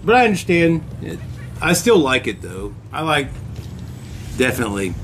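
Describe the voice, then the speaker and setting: A man in casual chat, joking and swearing in an animated way. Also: on the high side, normal speed, noisy background.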